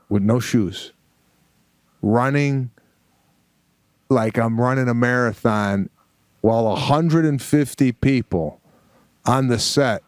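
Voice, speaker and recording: Animated man telling a comic story. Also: fairly low pitch, no room sound, clean studio sound. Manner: animated, acts out dialogue, fast bursts. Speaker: podcast co-host, comedian.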